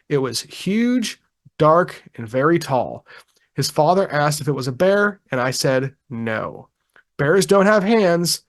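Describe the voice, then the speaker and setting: A man co-hosting a podcast in casual chat, reading a witness account aloud in a relaxed, chuckling way with frequent ums and restarts. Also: fairly high pitch. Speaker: podcast co-host.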